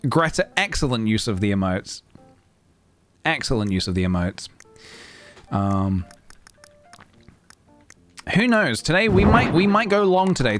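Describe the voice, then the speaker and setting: A young man chatting playfully and rambling while live-streaming a game, breaking into sing-song noises. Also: medium pitch. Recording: faint guitar music behind.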